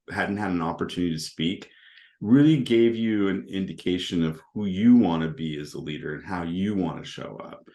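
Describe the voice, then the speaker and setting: A man's voice: low voice, darkish tone. A middle-aged man on a panel, telling casual anecdotes in an easygoing way and chuckling between points. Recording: roomy echo.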